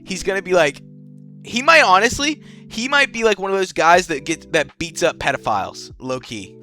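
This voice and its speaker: Rambling young man with a bright voice. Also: sits high, animated, moderate pace, soft background music. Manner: rambling, slangy, swears freely, laughs at his own jokes. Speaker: channel host. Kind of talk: casual tier-list commentary.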